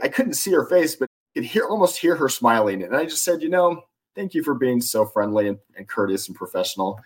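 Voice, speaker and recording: A man, an influence expert and author, telling animated stories as a podcast interview guest, with frequent restarts. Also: medium pitch, slightly rough.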